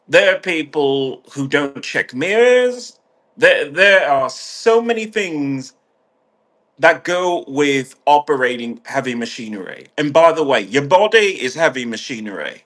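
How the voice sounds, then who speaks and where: A man's voice: medium pitch, a bit bright. A man delivering a heated, sardonic monologue full of swearing, speaking as a vlogger. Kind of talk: ranting monologue.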